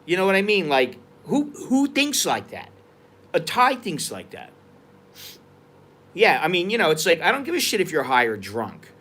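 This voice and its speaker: A man's voice: on the high side, huge pitch swings, normal speed, pushed and bright. A man from the United States telling a story and ranting on a live stream, heated and profane. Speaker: vlogger. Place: outdoors at a market.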